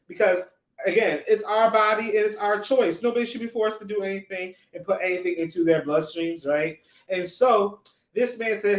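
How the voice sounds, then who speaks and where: A man hosting a casual livestream, telling stories in an animated way, repeating lines for effect and laughing along. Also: high-pitched, moderate pace, roomy sound. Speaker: host.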